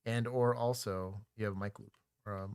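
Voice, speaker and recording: Laid-back joking ex-cop host. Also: male voice, lowish voice, fairly even intonation, normal speed, darkish tone, smooth. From Texas. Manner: laid-back, joking, explains police procedure. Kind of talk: casual livestream commentary.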